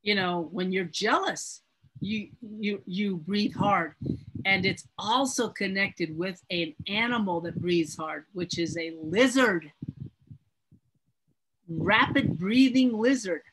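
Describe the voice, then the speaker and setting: Husky woman teaching a Bible class. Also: mid-range voice, takes it slowly, a bit bright, low-quality recording. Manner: earnest, emphatic, repeats words.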